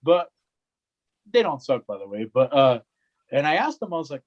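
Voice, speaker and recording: A man's voice: a little high, brisk, muffled recording. A young man, a wrestling commentator, telling a story in a casual podcast chat and acting out the voices of the people in it. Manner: animated, acts out quoted voices, lots of "right?" and "man".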